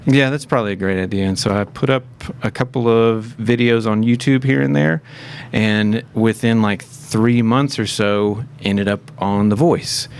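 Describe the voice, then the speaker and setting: A man, a podcast guest telling stories in a rapid, animated way, full of fillers and chuckles, recorded in a studio. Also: on the low side, vocal fry, a little hiss or hum. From Tennessee, USA. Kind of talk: casual storytelling in a podcast interview.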